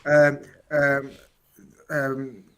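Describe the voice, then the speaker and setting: A man's voice: mid-range voice, monotone, drawn-out words, fairly bright tone. A man hosting a football panel, steering the debate in a jokey manner. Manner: jokey, steering, talks over others. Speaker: host.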